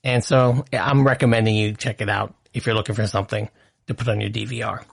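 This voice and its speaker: A man's voice: on the low side, little pitch movement, fairly quick, gravelly. Brief: male podcast host, casual, opinionated rant delivery. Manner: chatty, opinionated, ranting.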